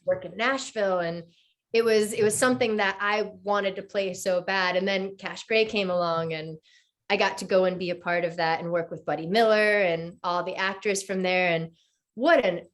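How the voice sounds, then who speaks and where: A woman's voice: mid-range voice, steady tone, normal speed. A woman in her thirties, an actress as guest, chatting casually and telling stories with enthusiasm. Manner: enthusiastic storyteller, acts out quotes. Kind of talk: casual interview chat.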